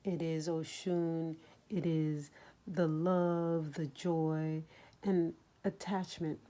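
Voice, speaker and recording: A woman giving a spiritual card reading in a slow, soothing voice that sometimes drops to a whisper, choked up with emotion. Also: low-pitched, little pitch movement, dark tone. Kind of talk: soft spoken tarot-style reading.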